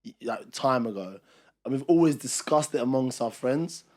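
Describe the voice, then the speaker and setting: A man's voice: medium pitch, animated, normal speed, a little mellow. A young man, co-hosting a casual podcast chat and telling a rambling story that acts out what others said. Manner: rambling storyteller who acts out quoted dialogue. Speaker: podcast co-host.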